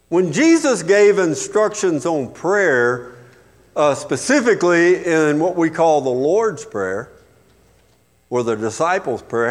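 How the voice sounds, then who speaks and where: A male pastor preaching a sermon in a church sanctuary, his voice a little higher than most men's. He is emphatic, rising to sharp peaks and dropping low to drive points home, and every word trails off into a long hall reverb. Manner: emphatic preaching with sudden rises and drops in pitch and volume.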